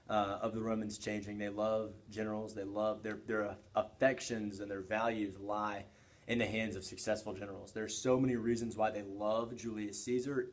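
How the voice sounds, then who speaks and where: A man teaching history in a casual, conversational lecture, often checking in with his listeners. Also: on the low side. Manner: conversational, keeps asking "right?".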